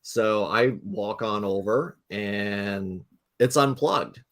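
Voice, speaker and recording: A man's voice: on the low side, slow, fairly bright tone. A man, a guest game designer, telling a rambling anecdote with lots of fillers on a casual live talk stream.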